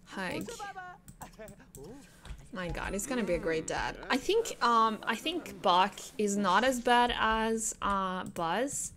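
A woman's voice: mid-range voice, lively intonation, slow pace, fairly bright tone. A woman giving casual gameplay commentary, chatting to the characters on screen and laughing often.

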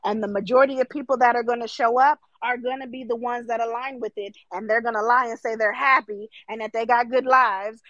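A woman's voice: a little high, fairly even intonation, a little fast, hardly any pauses, a bit bright, no echo, lo-fi sound. A young woman arguing her point on a live stream, emphatic and mocking, now and then mimicking her critics. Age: 20s. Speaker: livestream guest. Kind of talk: heated debate.

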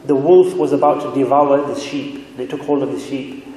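A man giving a sermon as a guest speaker, telling stories in a chatty, animated way in a mosque hall. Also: mid-range voice, normal speed. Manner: conversational, animated storytelling with asides. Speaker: guest speaker, religious scholar. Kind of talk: sermon with storytelling. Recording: echoey hall reverb.

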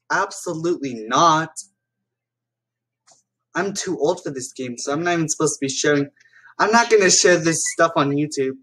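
A man's voice: on the high side, normal speed, fairly bright tone. A man giving casual reaction commentary as a YouTuber, chatting to viewers and reading stories aloud with small restarts.

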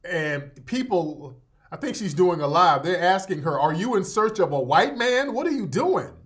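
Man hosting a live show, lively pitch, laughing and mocking, fairly high voice. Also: moderate pace. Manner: laughing, mocking, animated ad reads. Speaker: host. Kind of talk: casual live commentary.

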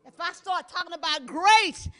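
High bright-voiced woman preaching fervently. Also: moderate pace. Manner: fervent, shouting in bursts, then dropping to hushed talk. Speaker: pastor. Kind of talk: sermon.

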